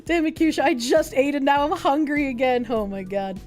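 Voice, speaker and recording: A young adult woman streaming, chatting casually in a rambling, excitable way and swearing often. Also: high-pitched, a little fast, few pauses, soft background music. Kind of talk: casual chat.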